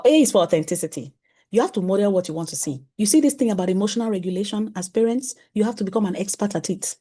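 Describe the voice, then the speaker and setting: A woman gives a conference talk to parents as a parenting coach. She speaks in an animated way, chuckles often, and acts out exchanges with her family. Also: mid-range voice, quick pace, breathy edge.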